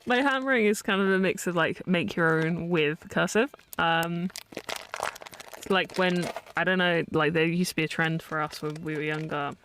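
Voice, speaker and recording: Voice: mid-range voice, moderate pace, fairly bright tone, slight background noise. A streamer in their twenties, chatting casually on a live stream in a rambling, filler-heavy way with frequent laughs.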